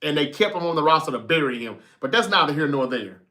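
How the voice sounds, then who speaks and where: A man riffing on football as he reads out his viewers' comments, swearing freely and talking right at his chat. His voice sits a little high and sounds bright and cutting. It is loose, animated livestream talk, never scripted. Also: fast. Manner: profane, animated, talks straight to the chat. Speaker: sports talk show host.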